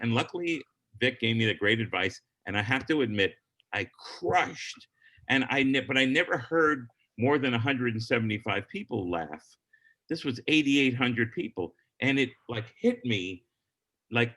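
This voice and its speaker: A man's voice: mid-range voice, pushed and bright. A middle-aged man, a comedian on a podcast telling a long story and acting out the people in it.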